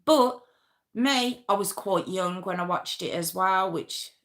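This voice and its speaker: Chatty woman with a bright voice. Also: fairly low pitch, slow. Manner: rambling, chatty, self-interrupting; talks straight to viewers, reacting to chat. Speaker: true crime live stream host. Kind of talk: casual live-stream chat.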